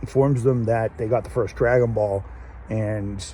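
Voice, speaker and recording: A man's voice: lowish voice, steady tone, unhurried, mellow, slight background noise. A man hosting a casual solo episode review, rambling with many fillers and restarts. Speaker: show host reviewing an anime episode.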